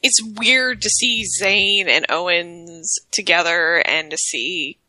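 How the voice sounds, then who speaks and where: A woman co-hosts a casual wrestling podcast. Her voice is very bright and sharp, and she chats in an easygoing way. The recording is dry and close. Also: lowish voice, takes it slowly, no room sound. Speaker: podcast co-host. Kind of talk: casual chat.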